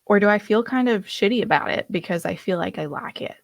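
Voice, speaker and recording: A woman's voice: medium pitch, expressive, fairly quick, creaky, dry recording. A woman coach teaching a live online workshop in a loose, chatty way, now and then losing her place in her notes. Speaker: personal development coach.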